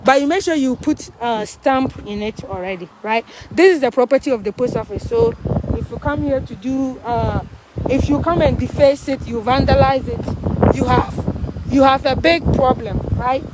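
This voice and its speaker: A woman's voice: high voice, animated, normal speed, very noisy. Chatty woman touring a neighborhood. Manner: explains step by step, keeps checking in with "right?" and "you see". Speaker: vlogger giving a neighborhood tour. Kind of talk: casual explanatory walk-and-talk. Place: outdoors in a new housing development.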